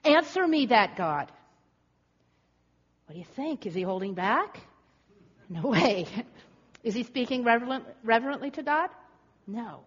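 A woman's voice: a little high, expressive, normal speed, pauses often, breathy edge. A woman preacher giving a dramatic, rhetorical sermon with building emphasis. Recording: echoey hall, slightly dull.

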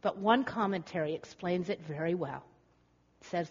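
A woman's voice: on the low side, normal speed, breathy edge. A woman preacher giving a dramatic, rhetorical sermon with building emphasis. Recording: echoey hall, slightly dull.

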